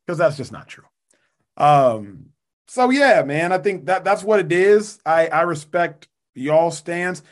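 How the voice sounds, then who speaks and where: A young man guest on a podcast, making his case in a measured, earnest way with precise wording. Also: fairly high pitch, expressive. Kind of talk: casual debate.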